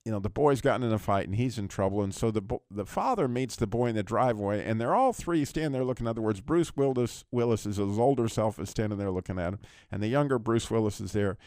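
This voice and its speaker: A man's voice: fairly low pitch, quick pace, hardly any pauses, darkish tone, no echo, studio quality. A man hosting Christian talk radio, earnestly retelling a film scene and stumbling over repeated words. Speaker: radio talk show host.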